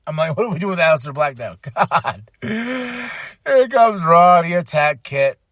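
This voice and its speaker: A man's voice: a little fast, no room sound. A man hosting a podcast, recapping a wrestling show in casual chat, exasperated and playing out people's reactions. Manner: animated, exasperated, mimics people with his voice jumping up high. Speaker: podcast host.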